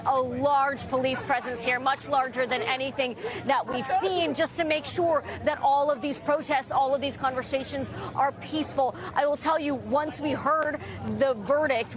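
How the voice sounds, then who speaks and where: A woman's voice: high-pitched, fairly even intonation, moderate pace, few pauses. A woman reporting live from a park outside a courthouse, conversational and describing the scene. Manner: conversational, vivid scene-setting. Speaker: field reporter. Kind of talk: live outdoor news report. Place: outdoors near a courthouse park. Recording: outdoor crowd behind.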